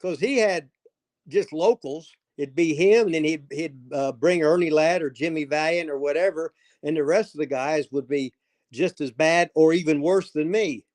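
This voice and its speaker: Older ex-wrestler guest, slightly high voice, rambling, laughing, salty. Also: male voice, normal speed, a little mellow. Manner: rambling, laughs often, swears. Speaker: former pro wrestler, guest. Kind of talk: casual storytelling chat.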